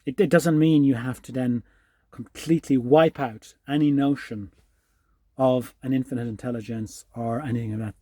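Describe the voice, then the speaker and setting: A man hosting his own channel, talking calmly and reflectively to the camera, often restarting his sentences. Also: mid-range voice, breathy edge, no room sound. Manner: calm, musing, with frequent restarts. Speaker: channel host. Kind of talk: reflective solo talk to camera.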